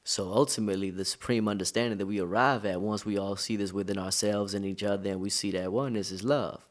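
A man from the United States, a guest in an interview, telling stories in a relaxed, slangy, conversational way. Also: fairly low pitch, fast. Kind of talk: casual storytelling interview.

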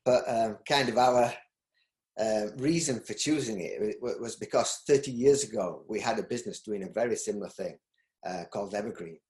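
A man's voice: fairly low pitch, a little fast, darkish tone. A middle-aged man with a Yorkshire accent, talking as an interview guest in a loose, rambling way, often restarting his sentences. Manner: rambling, with frequent restarts and ums. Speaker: interview guest, business owner. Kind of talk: casual interview. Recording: roomy echo.

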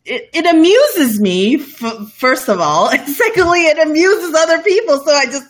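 A woman's voice: sits high, big pitch swings, normal speed. A woman in her thirties from Borneo, with a light Bornean lilt blended with mixed international English, chatting as a guest in a casual interview, full of fillers, restarts and giggles. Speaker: livestream cooking show host, guest.

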